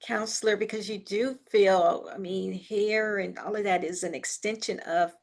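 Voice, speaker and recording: A woman's voice: mid-range voice, steady tone, moderate pace. A woman hosting a casual interview, adding short reflections and agreeing with her guest. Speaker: show host.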